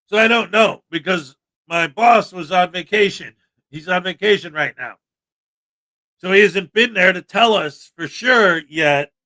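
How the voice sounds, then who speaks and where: A man hosting a casual livestream chat, joking and animated with sudden loud bursts. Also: sits high. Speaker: livestream host.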